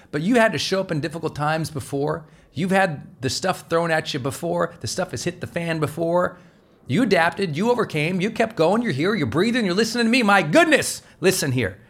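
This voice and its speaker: Pumped-up male host giving a motivational pep talk, emphatic and high-energy. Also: creaky. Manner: energetic and emphatic, swings from loud exhortation to low asides. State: fired up. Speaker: podcast host. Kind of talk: motivational monologue.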